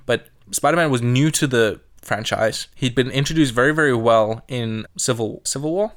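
A man in a casual movie discussion, telling scenes with emotion and quoting lines softly. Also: on the high side. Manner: emotional, animated storytelling, quotes scenes softly.

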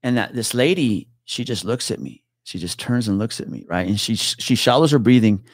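A man's voice: fairly low pitch, animated, normal speed, dry recording, clean studio sound. A man guest on a podcast, a retired police officer telling a story in casual talk, swearing freely and acting out what others said.

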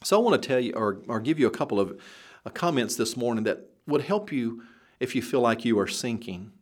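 A man preaching a sermon in an earnest voice that swells up and then drops low. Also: expressive, fairly quick.

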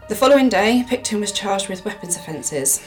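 A woman's voice: mid-range voice, animated, faint music behind. English woman telling a true crime story. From England. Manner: storytelling, dramatic pauses. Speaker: podcast co-host telling a true crime case. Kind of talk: casual true crime chat.

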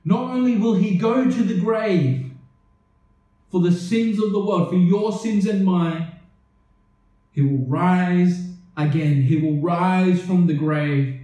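A man delivers a sermon in a high, mellow voice, taking his time over each phrase. He keeps pressing the listeners with earnest questions. The sound is very echoey, as if he stands some way off from the mic. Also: takes it slowly. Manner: earnest preaching, repeated rhetorical questions. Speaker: pastor. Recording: echoey room, voice from a distance.

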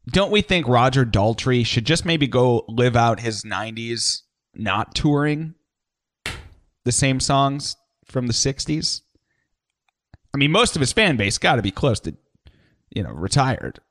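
A man's voice: medium pitch, animated, a little slow, pauses often, fairly bright tone. A man co-hosting a casual chat show, joking and telling a story in a laid-back way. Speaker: podcast co-host.

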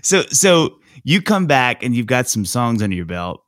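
Lively man hosting an interview. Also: mid-range voice, moderate pace, dry recording, studio quality. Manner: animated, laughs easily. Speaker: podcast host. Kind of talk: casual interview.

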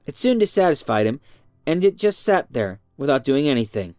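A narrator giving an expressive reading of a story. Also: medium pitch, normal speed, no room sound, clean studio sound, faint music behind.

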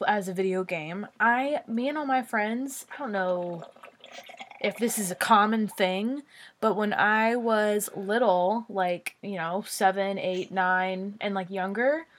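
A woman's voice: mid-range voice, slow. A young woman co-hosting a podcast, playful and enthusiastic in casual chat. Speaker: podcast co-host.

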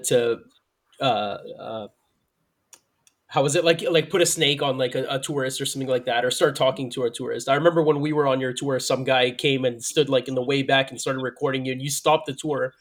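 A man interviewing a guest in casual chat, asking questions with many fillers and repeats. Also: medium pitch. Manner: laughs often, halting questions with fillers.

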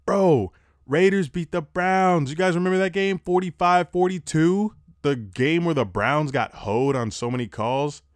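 A young man hosting a casual football recap podcast, talking fast, animated and profane, breathing heavily into a close mic. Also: on the high side, no room sound. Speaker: sports podcast host.

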